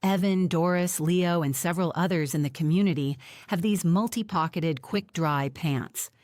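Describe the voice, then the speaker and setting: A woman narrating a first-person audiobook in a steady, reflective way. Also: fairly low pitch, normal speed, dry recording, clean studio sound.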